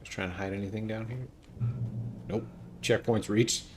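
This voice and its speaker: Low-voiced dude rambling and joking thru a game, faint room hum. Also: male voice, steady tone, moderate pace, darkish tone. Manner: chatty, jokey, thinks aloud. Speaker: gaming streamer. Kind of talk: casual gameplay commentary.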